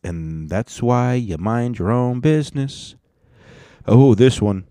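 A man's voice: mid-range voice, animated, slow, dark tone, smooth. A man casually reacting to online videos, sardonic and profane, mocking what he watches.

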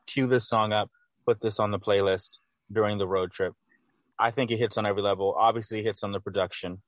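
A man co-hosting a podcast, giving enthusiastic, animated opinions in a casual music review chat. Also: fairly low pitch, dry recording, rough recording. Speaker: podcast co-host.

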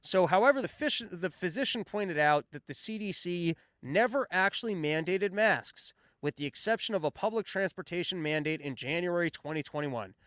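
A man's voice: high voice, lively intonation, moderate pace, few pauses, a bit bright, no room sound. A man hosting his own show, commenting on the news in a sarcastic, profane rant. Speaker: podcast host.

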